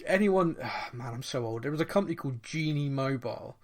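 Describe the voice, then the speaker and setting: Co-host, male, raised pitch, lively anecdotes, frequent laughter. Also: fairly quick. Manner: animated storyteller, laughs often. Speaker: podcast co-host. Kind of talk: casual chat.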